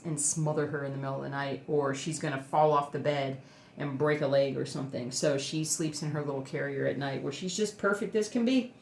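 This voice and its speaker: A woman's voice: sits low, a little mellow, echoey room, a little hiss or hum. A woman chatting casually to camera at home, rambling with lots of fillers and cooing at her dog. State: emotional, near tears. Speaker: cross stitch vlogger. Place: indoors at home.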